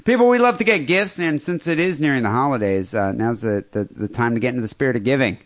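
A man's voice: mid-range voice, quick pace. A man co-hosting a casual podcast, rambling and mocking, with lots of fillers. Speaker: podcast co-host.

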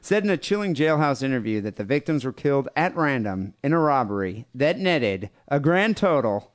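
A man's voice: mid-range voice, very animated, moderate pace. Laughing Midwestern man reading news. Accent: Midwestern American. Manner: loose, jokey, laughs often between lines. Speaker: podcast host. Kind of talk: casual chat, reading news stories aloud.

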